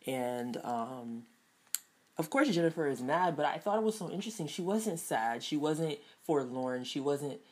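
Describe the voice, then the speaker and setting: A woman's voice: low voice, expressive, moderate pace, a little mellow. A woman casually reviewing a TV episode, chatty, with lots of fillers and frequent laughs. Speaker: TV show reviewer.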